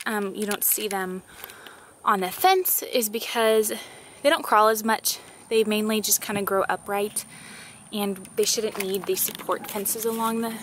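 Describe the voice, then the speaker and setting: A woman's voice: medium pitch, slight background noise. A woman, a little out of breath, chatting casually as she walks through her garden. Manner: chatty, upbeat, with fillers and little laughs. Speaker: vlogger giving a garden tour. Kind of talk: casual walking tour. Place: outdoor garden.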